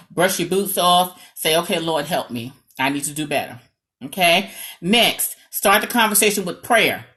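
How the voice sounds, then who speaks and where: A woman with a New York accent gives marriage advice straight to the camera. She talks in an animated, dramatic way with a sarcastic edge. She keeps pausing to ask her listeners "okay?". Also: lowish voice. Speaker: marriage coach. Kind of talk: direct-to-camera advice talk.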